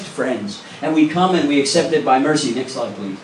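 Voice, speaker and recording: Speaking at medium pitch with an expressive delivery at normal speed, a male pastor preaches an earnest, emphatic sermon full of direct questions to the congregation. He is captured from afar in an echoey church sanctuary, with slight background noise.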